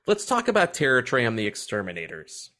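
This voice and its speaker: A man co-hosting a podcast, telling stories in a loose, excitable way. He swears freely and laughs often, and his pitch swings widely as he talks. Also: a little fast. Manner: excited, profane, laughing storyteller. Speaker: podcast co-host. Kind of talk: casual chat.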